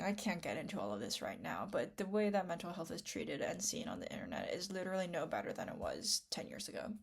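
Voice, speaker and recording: A woman's voice: on the low side, sing-song, a little fast, gravelly, hardly any pauses, a little mellow, husky. A young woman rambling to camera in an unedited vlog, tearful, with many fillers, restarts and self-interruptions. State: tearful after crying. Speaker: vlogger.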